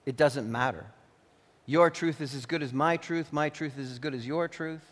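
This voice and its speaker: A man's voice: on the high side, moderate pace. A man preaching a sermon as pastor in an earnest, warning manner, also narrating a story. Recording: long hall reverb.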